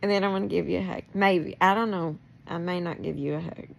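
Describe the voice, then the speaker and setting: A woman's voice: lowish voice, quick pace, vocal fry, slight background noise. A middle-aged woman in a rambling, emotional personal monologue, confronting someone directly and laughing through her anger.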